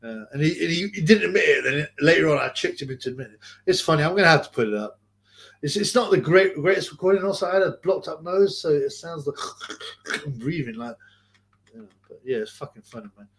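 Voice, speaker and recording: A man's voice: on the high side, lively intonation, fast talker, fairly bright tone. A man hosting a casual livestream, rambling, swearing freely and laughing often as he tells stories and reads questions. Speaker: livestream host.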